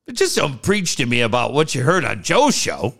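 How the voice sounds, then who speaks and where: A man's voice: normal speed, vocal fry. A man co-hosting a podcast, chatting casually and profanely, often mimicking people. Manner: animated, profane, mimics people with big pitch jumps. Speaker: podcast co-host.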